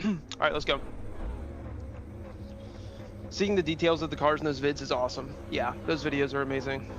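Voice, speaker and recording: A young sim racing streamer gives rambling, slangy, profane play-by-play during a casual livestream. His raised pitch stays fairly even as he talks fast over the roar of the racing game's engine and other game sounds.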